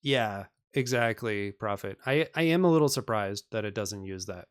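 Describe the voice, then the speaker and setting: A man's voice: fairly low pitch, expressive, moderate pace, clean tone. A man on a live stream working through programming exercises, reading them aloud and joking with viewers in a self-deprecating way.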